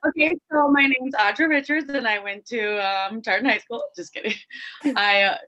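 Casting: young woman from Minnesota, bright voice, chatty guest who laughs often. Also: on the high side, steady tone, moderate pace, muffled recording, slight background noise. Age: young adult. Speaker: guest hockey player. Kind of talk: casual podcast interview.

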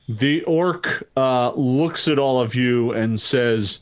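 Slow-talking male game master. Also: mid-range voice. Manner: hesitant, many fillers, laughs often. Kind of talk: narrating a tabletop game.

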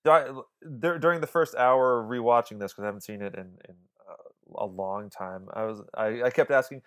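This is a man co-hosting a film podcast in a loose, rambling chat. His voice sits at an ordinary middle pitch. He trips over his words, restarts often, and swears freely when he gets excited. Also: normal speed. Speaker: podcast co-host. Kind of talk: casual film review chat.

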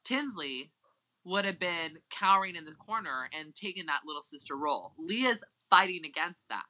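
Very bright, excitable podcast voice. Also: mid-range voice, moderate pace, rough recording. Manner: emphatic, excitable recaps. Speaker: podcast co-host. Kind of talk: casual chat.

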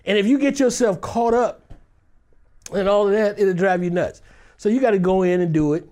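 A man's voice: high voice, moderate pace, a little mellow. A middle-aged man, an actor, telling stories in an interview answer, laughing often and acting out the voices he quotes.

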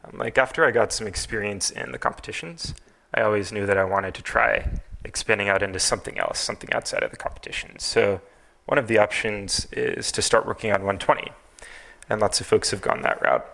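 A man's voice: lowish voice, a little fast, gravelly, pushed and bright. A man as a podcast guest, talking in a thoughtful, hedging way with many fillers. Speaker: podcast guest, TAS creator. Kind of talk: casual podcast interview.

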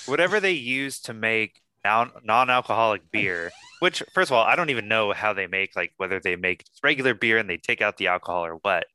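A man's voice: lowish voice, lively intonation, fairly quick, hardly any pauses, sharp tone, smooth, no echo. A man hosting a casual podcast chat, rambling and swearing freely as he talks. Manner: chatty, profane, rambling asides. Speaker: podcast host.

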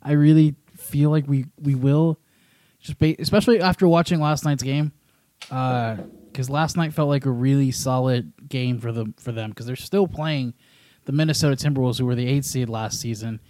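A man's voice: medium pitch, dark tone, dry recording. A man talks through a casual sports podcast in a middle-range voice, stopping and restarting his sentences. The sound is dry and close, with no room around it. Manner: halting, restarts often, blunt and profane. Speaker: podcast co-host.

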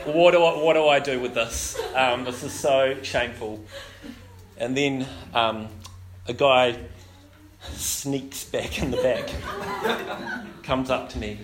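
A man's voice: medium pitch, steady tone, slow, long pauses, noisy background. A man, a pastor preaching a sermon full of self-deprecating stories and many fillers. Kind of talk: sermon with humorous storytelling.

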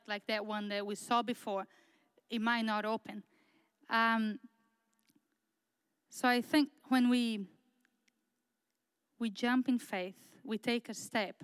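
A woman preaching a sermon in an earnest, halting way, repeating words and pausing on fillers as she builds her points. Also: mid-range voice, smooth, dry recording, rough recording. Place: church.

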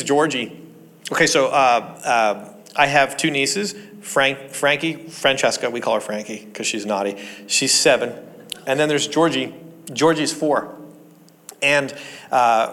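A young man giving a sermon, telling funny family stories and laughing often as he makes his point. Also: medium pitch. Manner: jokey, animated, laughs at his own stories. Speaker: pastor. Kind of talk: sermon with personal storytelling.

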